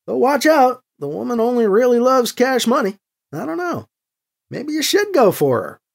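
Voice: mid-range voice, very animated, normal speed, creaky, pitched above the performer's own voice. A narrator voicing a teasing, swaggering male ship captain in a spoken story.

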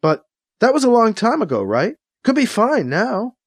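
A man's voice: very high voice, very animated, moderate pace, pitched above the performer's own voice, heavily acted. A man voicing an eager, pushy young man. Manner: pushy, coaxing. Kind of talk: audiobook character voice.

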